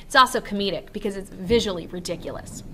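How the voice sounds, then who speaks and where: A woman's voice: mid-range voice, quick pace, fairly bright tone, a little hiss or hum. A woman teacher giving a recorded literature lesson, explaining scenes and reading quotes aloud.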